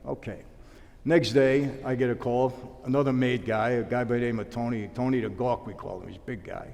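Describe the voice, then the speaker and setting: A man's voice: medium pitch, fairly quick, creaky, long reverb tail. New man telling a story. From New York. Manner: animated storyteller acting out dialogue. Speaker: interview guest, former mobster. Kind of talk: storytelling in a sit-down interview.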